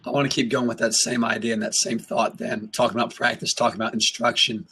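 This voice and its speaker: A man asks measured interview questions in a bright, forward voice. His tone has a husky edge, and his pitch sits in a middle range. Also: level tone. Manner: brief prompts, measured questions.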